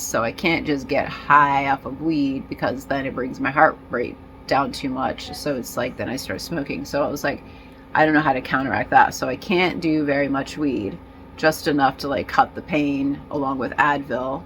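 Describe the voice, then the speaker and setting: A woman's voice: extremely low pitch, fairly bright tone, slight background noise, poor audio. Rambling woman vlogging through withdrawal. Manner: rambling, halting, many fillers and restarts. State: in nicotine withdrawal, disoriented. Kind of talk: casual personal vlog.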